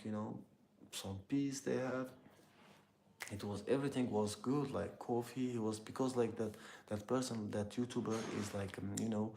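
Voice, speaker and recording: A young man from Algeria with an Algerian accent, chatting casually with live viewers and often pausing to search for his words. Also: fairly low pitch, vocal fry, a little mellow, slight background noise. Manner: halting, searching for words, heavy use of "like" and "you know". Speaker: live streamer answering chat.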